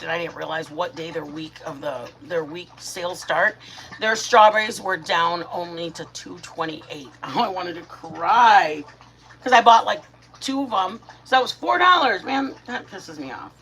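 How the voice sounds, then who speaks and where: A middle-aged woman from Michigan hosting a casual live stream, chatting with viewers by name and talking sweetly to her dogs. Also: moderate pace. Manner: chatty, warm toward viewers, greets chat by name, talks to her dogs in a high baby voice.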